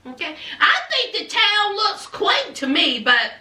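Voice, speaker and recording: A woman, hosting a casual reality TV recap with sassy, animated storytelling. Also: very high voice, unhurried. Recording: roomy echo, distant from mic.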